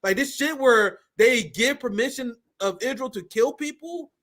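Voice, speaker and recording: High, bright-voiced blunt male commentator. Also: normal speed. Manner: blunt, profane, mocking. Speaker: political commentary host. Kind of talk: reaction commentary stream.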